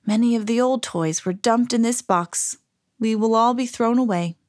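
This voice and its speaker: A woman voicing a gentle, contented male wind-up toy mouse in a read-aloud storybook. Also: on the high side, moderate pace, dry recording, clean studio sound, close to an everyday voice. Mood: sad.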